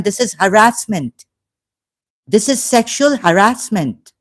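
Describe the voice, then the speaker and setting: A woman hosting a live stream, slowly and indignantly scolding commenters in the chat. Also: mid-range voice, lively intonation. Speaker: channel host answering live chat.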